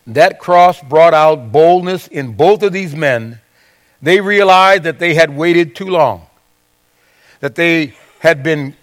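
A man's voice: fairly high pitch, a bit bright. A man preaching a sermon in a conversational way, reading scripture aloud and asking his listeners questions.

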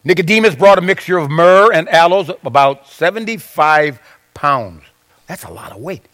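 A man with a high voice preaches in a chatty, conversational way. He reads scripture aloud and turns to his listeners with questions. His voice rises and gets louder when he quotes the verses. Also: lively intonation, normal speed. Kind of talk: sermon.

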